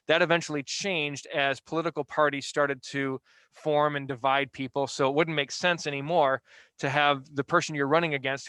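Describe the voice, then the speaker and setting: A man lectures on history in a relaxed, conversational way, talking students through events with everyday examples. His voice sits a little high for a man, and the sound is dry and close. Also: dry recording. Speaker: teacher.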